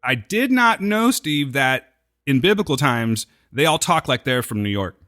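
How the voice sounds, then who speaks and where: Lively joking male podcast host. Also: mid-range voice, measured pace. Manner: animated, jokey, acts out quotes. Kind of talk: casual recap chat.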